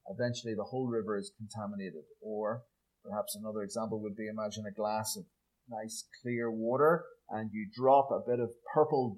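A man preaching an expository sermon, measured and emphatic, slowing down on key words. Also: medium pitch, darkish tone, poor audio.

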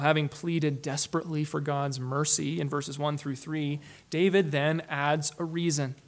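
A male pastor delivers a sermon with earnest emphasis, alternating between loud, stressed words and quiet, low dips, and he slows down on the key phrases.

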